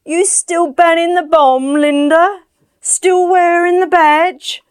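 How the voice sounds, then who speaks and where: A woman reading voices a drunk, grinning young man, loud and teasing. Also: extremely high pitch, steady tone, slow pace, no echo, clean studio sound, pitched above the performer's own voice.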